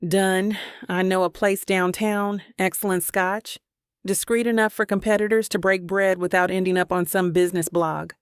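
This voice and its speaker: A woman's voice: medium pitch, steady tone, moderate pace, clear, resonant tone, no echo, clean studio sound, lightly acted. A woman voicing a confident, teasing male businessman in an audiobook, speaking with amused self-assurance. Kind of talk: audiobook narration.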